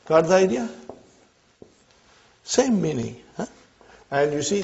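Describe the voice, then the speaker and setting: Slow, gravelly male Arabic teacher. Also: on the high side, very animated, darkish tone. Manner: slow, repetitive, checks in with listeners. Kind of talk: classroom lecture. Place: classroom. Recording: dull lo-fi recording.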